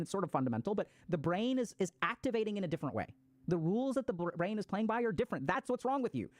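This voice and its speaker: A man's voice: sits high, dry recording. A man giving a casual explanatory talk on mental health, swearing freely and acting out people's reactions.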